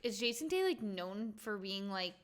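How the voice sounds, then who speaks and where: A woman's voice: medium pitch, big pitch swings, moderate pace. A young woman co-hosting a podcast, chatting playfully with lots of "like" fillers. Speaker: podcast co-host. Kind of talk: casual chat.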